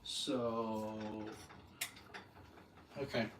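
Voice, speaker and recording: A man's voice: mid-range voice, little pitch movement, extremely slow, a bit bright, a little hiss or hum. A man hosting a casual show-and-tell vlog, rambling and self-correcting, with a self-deprecating, nerdy enthusiasm. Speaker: video host.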